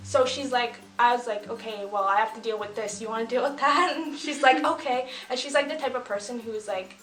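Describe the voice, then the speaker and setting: A woman's voice: a little high, a little fast, a bit bright. A woman in her twenties casually telling a story, chatty and full of fillers, often laughing as she talks. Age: 20s. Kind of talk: casual story time chat. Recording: echoey room with faint music.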